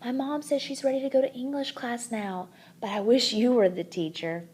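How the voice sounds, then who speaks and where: A woman voicing a shy, kind young schoolgirl who speaks softly and gently. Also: a little high, steady tone, normal speed, close to an everyday voice. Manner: soft and gentle.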